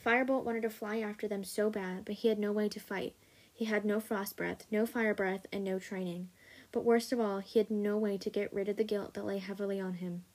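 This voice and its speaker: This podcast host reads their own story in a plain, middle-pitched voice. The tone stays casual and unpolished, with small slips and quick corrections along the way. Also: level tone. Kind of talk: reading own fan fiction aloud.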